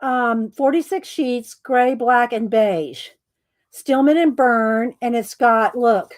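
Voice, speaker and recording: A chatty woman with a twang, a bit higher-pitched and in no hurry. She giggles a lot and keeps saying "hang on" as she unboxes mail, a little short of breath. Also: takes it slowly. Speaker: craft vlogger. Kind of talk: casual chat.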